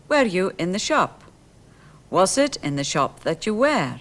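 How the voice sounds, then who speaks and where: A woman explaining grammar in a lesson, slowly and carefully, repeating her example phrases. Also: on the low side, very animated. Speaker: language teacher.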